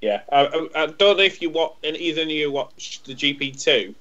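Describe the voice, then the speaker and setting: A man's voice: on the high side, expressive, moderate pace, sharp tone. A man, co-hosting a podcast in casual chat, rambling and repeating himself as he tells a story. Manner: rambling, stumbles and repeats words. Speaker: podcast co-host. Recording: dull lo-fi sound.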